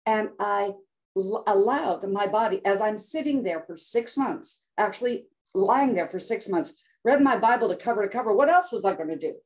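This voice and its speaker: A woman's voice: medium pitch, expressive, moderate pace, darkish tone. An older woman guest on an interview show, telling her story in a dramatic, inspirational way. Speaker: guest health coach.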